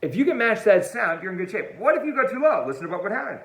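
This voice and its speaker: An energetic male music teacher talks right to the camera in a quick, lively, high voice that jumps all over. His upbeat, playful lesson rings out in a roomy, echoing space. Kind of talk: online music lesson for kids. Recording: roomy echo.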